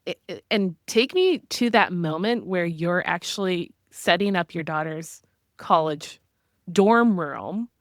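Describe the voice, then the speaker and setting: A woman hosting a podcast, asking eager, quick questions in a casual interview. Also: fairly low pitch, animated, no echo, clean studio sound. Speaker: podcast host.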